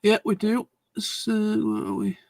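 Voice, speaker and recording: A man's voice: sits high, big pitch swings, measured pace, darkish tone, no echo. A man, a guest on a livestream, chatting casually, agreeing and reading out viewer messages. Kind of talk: casual chat.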